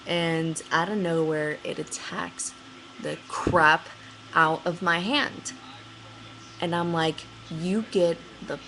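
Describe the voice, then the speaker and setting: A woman's voice: slight background noise, low-quality recording. Chatty young woman telling a story. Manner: chatty, excitable, many fillers, acts out her own panicked quotes in a higher voice. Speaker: vlogger. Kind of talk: casual storytelling to camera.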